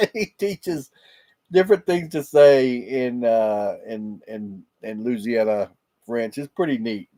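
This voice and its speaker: On a livestream, a man talks informally with viewers into a laptop mic, rambling and laughing frequently. He speaks a little slowly, with medium pitch and a dark tone.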